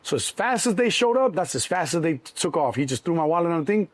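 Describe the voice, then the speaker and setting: A middle-aged man from Chicago, a guest in an interview, telling his story in an animated way and acting out the people in it. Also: on the high side, fast talker, dry recording. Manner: animated, acts out cops and himself in quotes.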